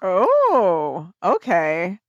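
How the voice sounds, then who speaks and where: A woman's voice: fairly low pitch, huge pitch swings, extremely slow, no room sound, muffled recording. Young woman, podcast host, giggly, playful, tongue-tied, dry close sound. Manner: giggly, playful, stumbles over words. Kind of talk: casual chat.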